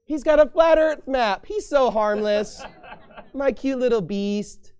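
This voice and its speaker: A man's voice: very high voice, takes it slowly, a little mellow, clear, resonant tone, voice pushed up. A man doing a cooing, gushing doter. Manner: cooing, mocking sing-song. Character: doting, gushing adult cooing over a pet.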